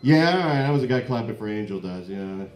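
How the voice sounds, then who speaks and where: A man doing a crude, rambling stand-up comedy set in a comedy club, breaking into loud mock voices. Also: medium pitch, animated, quick pace. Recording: echoey club room.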